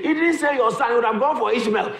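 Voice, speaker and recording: A male pastor preaching a sermon in a church, dramatic, acting out Bible voices and shouting for emphasis. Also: very high voice, quick pace, vocal fry, roomy sound.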